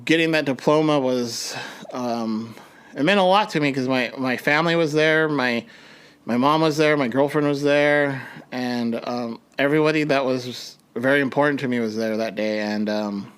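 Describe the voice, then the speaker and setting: A young male podcast host rambles through a personal story, restarting sentences often, and his voice leaps high whenever he reenacts his panic. He speaks at normal speed with a clean, slightly bright tone.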